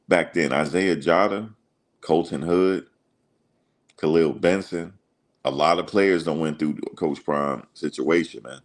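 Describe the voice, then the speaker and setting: A man's voice: extremely low pitch, a little slow. A man hosting a casual sports livestream, rambling through stories and slipping into quoted voices. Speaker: host.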